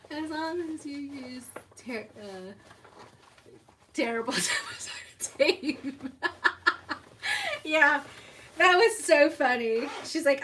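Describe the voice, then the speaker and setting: A woman hosting a sewing live stream, chatting casually and laughing often as she answers viewers while she works. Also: high voice. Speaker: sewing livestream host. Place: sewing workspace away from home. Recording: distant mic with audible background noise.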